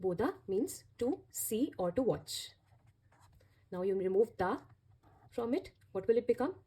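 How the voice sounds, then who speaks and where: A woman's voice: mid-range voice, lively intonation, a little slow, warm tone, slightly rough. A woman teaching a language lesson, explaining patiently and repeating each step.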